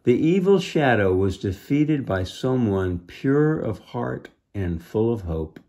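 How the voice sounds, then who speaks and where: Brief: an earnest storybook boy cheering on a friend, read by a man, slow and gravelly. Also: mid-range voice, big pitch swings, mellow. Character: brave boy, loyal and encouraging friend.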